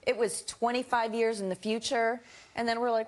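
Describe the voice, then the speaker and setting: A woman, an actress guest on a talk show, telling a funny anecdote in a lively way with laughter. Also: on the high side, moderate pace. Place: TV studio with audience.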